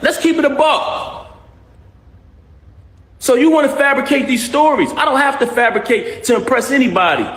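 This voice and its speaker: A man in an interview clip, defending himself in an emphatic, animated way. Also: extremely high pitch, reverberant. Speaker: rapper in played interview clip.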